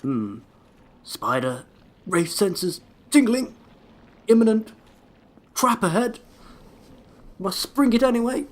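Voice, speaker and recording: A man voicing a sulky, dim-witted male wraith enemy in a mocking, drawn-out sing-song, as an aside while playing a game. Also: high-pitched, sing-song, voice pushed up, heavily acted. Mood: pompous.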